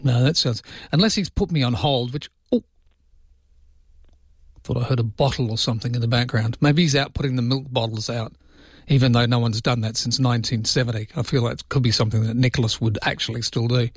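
Hosting the overnight talkback slot, this Australian rambles chattily and breaks into mock-indignant outbursts. His mid-range voice is husky and brisk, captured at studio quality on a studio mic with no echo.

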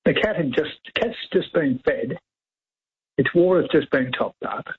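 An Australian caller phones in to a radio show, rambling on and talking over the host. His fairly high voice has lively intonation and a moderate pace, heard through a tinny telephone line with a little hiss or hum.

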